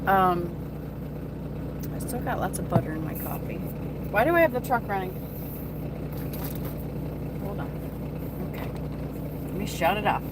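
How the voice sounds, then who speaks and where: A woman's voice: medium pitch, animated, unhurried, pauses often, very noisy. An American woman hosting a casual morning coffee chat from her truck cab, greeting viewers by name. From United States. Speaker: trucker livestream host.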